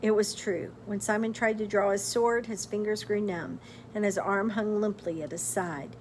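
Expressive woman reading a storybook. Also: mid-range voice, a little hiss or hum. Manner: expressive, pauses to quiz listeners. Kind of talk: storybook read-aloud.

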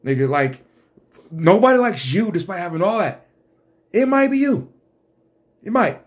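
A man's voice: high-pitched, lively intonation, normal speed, pauses often. A man hosting an exasperated ranting commentary, blunt and profane. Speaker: host.

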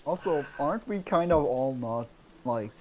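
A tabletop player chatting casually and searching for words as they go. The voice sits at middle pitch, with faint ambient noise behind it. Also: animated, normal speed, dark tone, poor audio. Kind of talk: casual game chat.

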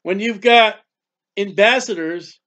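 Preaching a Bible teaching in sermon style, a man speaks with fervor, reciting scripture and throwing out one rhetorical question after another. His voice is high and a bit bright, and he takes it slowly.

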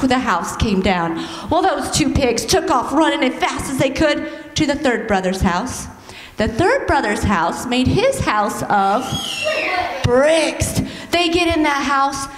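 High-voiced woman telling children a story. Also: slow pace, a little hiss or hum. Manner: animated, coaxing, leads children in call-and-response. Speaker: children's church teacher. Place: church sanctuary. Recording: echoey hall, heard from some distance.

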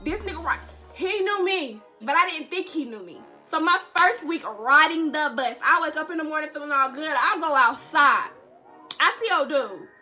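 A woman's voice: high voice, expressive, moderate pace, bright, forceful tone, faint music behind. A young woman vlogger telling a dramatic storytime tale in casual slang, speaking straight to her viewers and repeating lines for emphasis. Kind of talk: storytime vlog.

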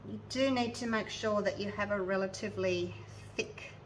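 A woman's voice: mid-range voice, moderate pace, far from the mic, low-quality recording. A woman giving a casual hands-on craft tutorial. She talks viewers through each step aloud as she works. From Australia. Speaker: resin artist showing her craft. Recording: mic a little away, faint background noise.

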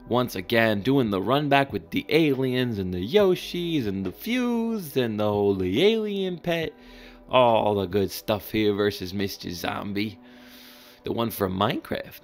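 A man giving excitable, joking live commentary over gameplay, with sudden high-pitched exclamations. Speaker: gaming channel host.

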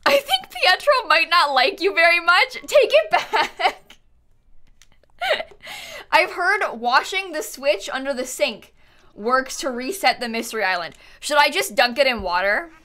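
A woman streaming a game live, chatting to her viewers in an excitable way, laughing often and shouting in exasperation. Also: high-pitched, normal speed. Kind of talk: live-stream chat while gaming.

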